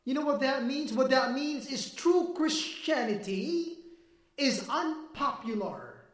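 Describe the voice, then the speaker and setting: A man preaching a sermon with emphatic delivery that swells toward near-shouting. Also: very high-pitched, very animated, takes it slowly, reverberant.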